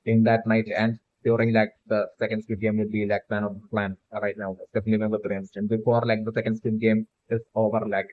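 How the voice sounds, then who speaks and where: A man's voice: on the low side, little pitch movement, fairly quick, few pauses, dry recording. A man giving a rambling solo commentary on a theory, packing nearly every phrase with "like" and "uh" and restarting sentences. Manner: filler-heavy, says like constantly, restarts. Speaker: fan theory video maker. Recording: tinny phone-like sound.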